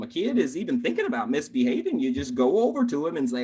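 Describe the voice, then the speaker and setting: A man's voice: medium pitch, very animated, fast talker, few pauses, a little mellow, slightly rough. A man giving a keynote talk to teachers, telling stories dramatically, acting out voices and addressing the audience directly. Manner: dramatic storyteller who acts out voices. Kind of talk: animated keynote storytelling.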